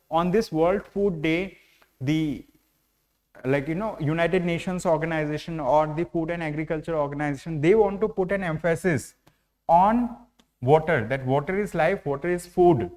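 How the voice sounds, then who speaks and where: A man with an Indian English accent teaches current affairs in an online exam-prep lecture, explaining step by step and leaning heavily on fillers like "like, you know." His voice is a little high and a little mellow, at a moderate pace.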